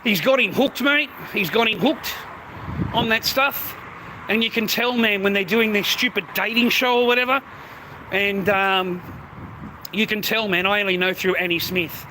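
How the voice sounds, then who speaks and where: A man's voice: high-pitched, normal speed, noisy background. A man hosting a livestream in a crude, sweary ranting chat, mocking his viewers and laughing often. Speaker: livestream host.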